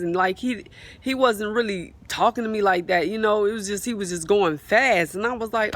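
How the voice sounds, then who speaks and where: A woman on an outdoor swing records a casual faith testimony on her phone, repeating herself fervently and calling out to viewers often. Her mid-range voice has a moderate pace and fairly bright tone. At times the phone mic is partly covered.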